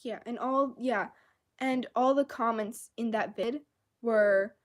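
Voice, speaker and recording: Slow-talking angry young woman ranting. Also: a little high. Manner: angry, profane, exasperated. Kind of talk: casual ranting vlog.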